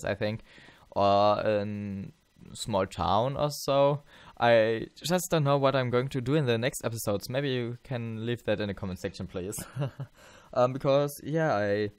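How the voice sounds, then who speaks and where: A tired gameplay channel host, a native German speaker, narrates his let's play in a rambling, halting way, packed with fillers, restarts, and self-corrections. His voice sits a little low and sounds smooth and clean, with dry, close audio.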